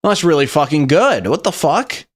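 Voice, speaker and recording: Young man, streamer, slightly high voice, casual, profane, rambling. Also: big pitch swings, normal speed. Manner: loose and profane, reacting aloud, rambling. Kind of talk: casual live-stream meme review.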